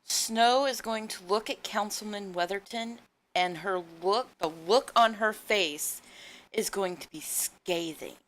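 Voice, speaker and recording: A woman's voice: medium pitch, a little slow. A woman playing a tabletop game, casually describing what her character does. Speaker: player.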